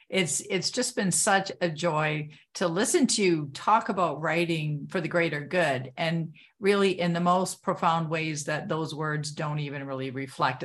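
Low-pitched woman host, earnest and affirming. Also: a bit bright. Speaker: podcast host. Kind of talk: interview hosting.

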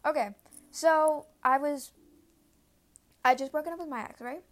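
A teenage girl hosts a casual podcast from home, her voice sitting high and her pace measured. She rambles, swears freely, and easily loses her train of thought.

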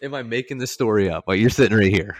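Deep-voiced man telling a rowdy story. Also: quick pace, no room sound. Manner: animated, swearing, laughs through his stories. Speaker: podcast co-host. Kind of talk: casual storytelling chat.

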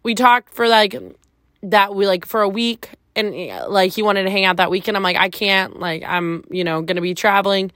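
A woman's voice: mid-range voice, fairly even intonation, normal speed, fairly bright tone, dry recording, clean studio sound. A woman hosting her own podcast, telling a personal story in a casual, chatty way, filling her talk with "like" and swearing freely. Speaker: podcast host. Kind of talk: candid storytelling monologue.

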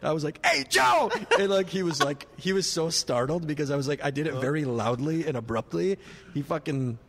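A man in his late thirties telling a swearing, animated story in casual chat, acting out the people he quotes. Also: a little high, brisk. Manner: animated anecdote teller, swears freely, acts out shouted quotes.

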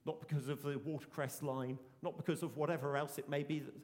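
A man's voice: fairly high pitch, level tone, quick pace, long reverb tail. A man, preaching a sermon in an earnest, emphatic way and repeating his key phrases. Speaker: pastor.

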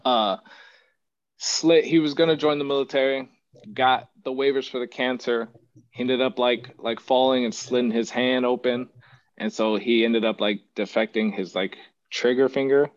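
A man hosting a podcast, chatting in a relaxed, rambling way with lots of fillers. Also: medium pitch, normal speed, no room sound, muffled recording. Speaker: podcast host. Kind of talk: casual podcast chat.

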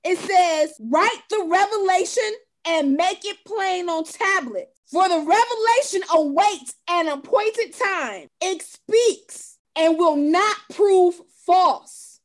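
A very high-voiced woman co-hosts a relaxed faith conversation. She reads scripture slowly and with weight, then drops in short, lively bursts of encouragement for her partner. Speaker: podcast co-host. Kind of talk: casual faith-based chat with scripture reading.

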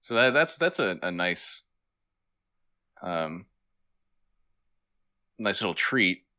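A man's voice: low voice, sing-song, takes it slowly, sharp tone. A man co-hosting a casual comedy podcast, quizzing his partner and laughing easily. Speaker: podcast co-host.

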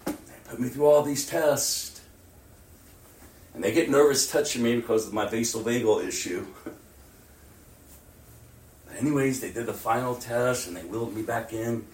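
A man preaching a sermon as pastor, animated, swinging between loud outbursts and near-whispers. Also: medium pitch, normal speed, long pauses, slight background noise. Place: church. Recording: roomy and distant mic with faint ambience.

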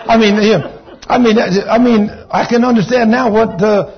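A man's voice: high-pitched, fairly even intonation, normal speed. A Texan man preaching a sermon, folksy, rambling and enthusiastic. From Texas. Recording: dull lo-fi recording.

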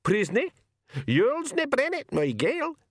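Rowdy little blue pixie warriors with a thick burr. They sound squeaky, gruff and sneering, as if they're shouting from a step away. It's an audiobook reading. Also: male voice, wildly swooping pitch, slow pace, dry recording, clean studio sound, full character voice.

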